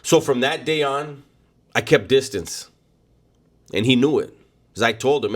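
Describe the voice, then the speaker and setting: A man's voice: medium pitch, a little slow, pauses often. A man telling a first-person story in a casual, blunt way, full of street slang and cursing.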